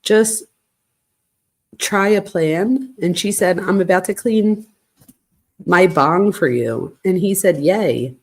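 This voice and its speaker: A woman's voice: lowish voice, slow, pauses often. A woman hosting a true crime channel, casually reading a string of text messages aloud at home and stopping now and then to settle her dog. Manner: reads texts flatly, breaks off to calm her barking dog. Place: home, at night.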